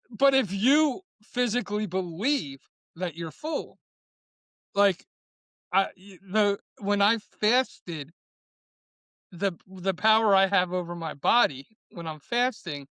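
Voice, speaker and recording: Man on a podcast, pretty high voice, emphatic, trips over his words, dry sound. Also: fairly bright tone, dry recording. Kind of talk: casual podcast conversation.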